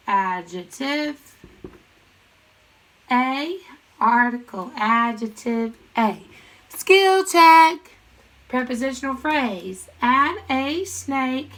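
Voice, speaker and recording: A woman teaching a grammar lesson, chanting sentence parts in quick questions and answers and speaking to students directly. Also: on the high side, fairly bright tone, rough recording. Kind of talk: recorded classroom lesson.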